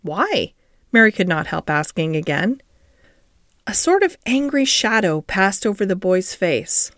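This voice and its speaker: A woman narrating a classic novel as an audiobook in an expressive, measured way. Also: mid-range voice, no echo, studio quality. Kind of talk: storybook narration.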